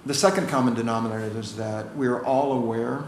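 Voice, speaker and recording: American guy telling stories, kinda gravelly, room echo and a bit of hiss. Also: medium pitch, a little fast. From United States. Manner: animated storyteller, acts out quoted voices. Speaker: chiropractor guest. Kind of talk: casual storytelling interview. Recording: roomy with faint ambient noise.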